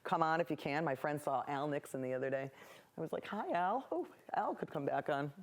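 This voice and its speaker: A woman's voice: low-pitched, a little fast. A woman hosting a local TV painting show, chatting in rambling, cheerful tangents as she paints. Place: local access TV studio.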